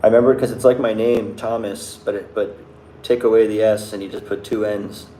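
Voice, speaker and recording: Answering his viewers' questions, a Canadian vlogger rambles briskly, leaning on "like" and starting sentences over. His mellow voice is fairly low and doesn't move much in pitch. The sound is reverberant, with slight background noise.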